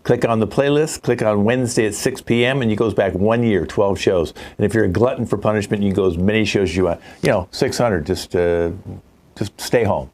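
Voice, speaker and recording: Deep-voiced older man hosting improv. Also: fairly quick, darkish tone. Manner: joking, rambling, dry asides. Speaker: improv show host. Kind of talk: live improv hosting on a video call. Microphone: video call mic.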